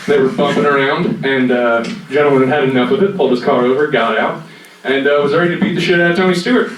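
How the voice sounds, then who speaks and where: Rambling young stand-up comic, far off. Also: male voice, mid-range voice, fast. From North Carolina, USA. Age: 20s. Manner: rambling, filler-heavy, profane delivery. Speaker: stand-up comedian. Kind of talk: stand-up comedy. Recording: echoey room from far off, noisy.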